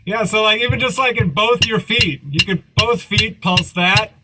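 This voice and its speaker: A man's voice: high voice, moderate pace, bright, forceful tone. A man in a group drum lesson on a video call, explaining a pattern by counting aloud and singing the rhythm in syllables. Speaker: drummer taking part in the lesson. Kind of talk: casual explanation.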